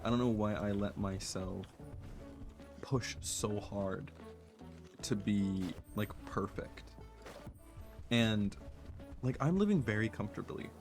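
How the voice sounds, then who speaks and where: Soft-spoken low-voiced man musing while gaming. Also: slow, long pauses, music in the background. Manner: soft, earnest, rambling with many fillers and restarts. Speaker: gaming streamer. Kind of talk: reflective casual chat while playing.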